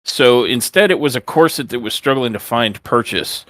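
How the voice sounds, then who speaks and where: A man's voice: mid-range voice, expressive, normal speed, fairly bright tone, no room sound, clean studio sound. A man co-hosting a wrestling podcast, giving wry, snarky commentary. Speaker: podcast co-host. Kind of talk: casual podcast chat.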